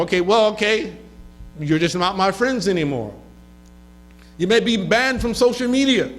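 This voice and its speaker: A man lecturing in a mosque has a high, fairly bright voice with lively intonation, though the audio is poor. He reads hadith in Arabic, translates them into English, and adds loose asides along with a quick laugh.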